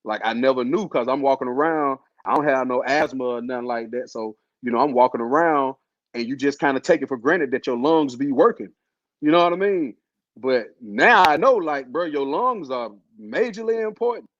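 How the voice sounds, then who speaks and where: In a medium-pitched, fairly bright voice at normal speed, a man shares his personal illness story as host. He's relaxed, slangy and loose with fillers, captured in dull lo-fi audio with no room sound.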